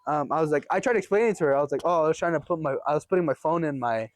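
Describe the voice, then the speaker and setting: A young man casually telling a story on his vlog in an animated way, swearing often and laughing as he goes. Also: on the high side, racing, no echo. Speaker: vlogger.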